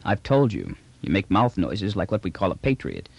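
A man's voice: low-pitched, wildly swooping pitch, normal speed, creaky, a little mellow, slightly rough, no echo, lo-fi sound, exaggerated voice. A man narrating a story, voicing a bulky, brash space trader who talks bluntly in casual slang. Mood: low, urgent. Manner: blunt, wheedling street talk.

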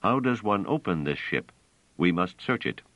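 Man doing a cold guard robot, raised pitch, flat literal delivery, dull dry audio, audiobook reading. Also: normal speed, dry recording.

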